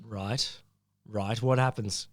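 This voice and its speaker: A man's voice: on the low side, fairly even intonation, slow, dry recording, clean studio sound. A middle-aged man co-hosting a casual comedic science podcast, playfully riffing and joking along. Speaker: podcast co-host.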